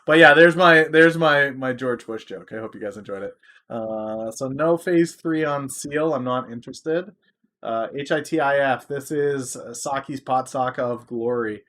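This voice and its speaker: A man's voice: medium pitch, measured pace, fairly bright tone. A man hosting a casual live stock market stream, rambling and answering viewers' chat.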